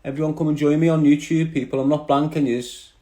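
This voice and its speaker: A man's voice: on the high side, steady tone, fast, warm tone. Scouse man rambling on a livestream. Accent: Liverpool. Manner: rambling, streetwise slang, addresses viewers directly. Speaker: livestream host. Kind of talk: casual livestream chat. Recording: echoey room.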